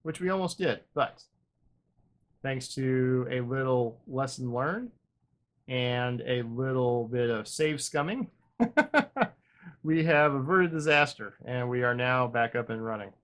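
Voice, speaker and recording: A man hosting a gaming video, thinking aloud in casual commentary with wry, self-deprecating humor, drifting between upbeat remarks and quiet muttering. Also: medium pitch, lively intonation, takes it slowly. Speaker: gaming channel host.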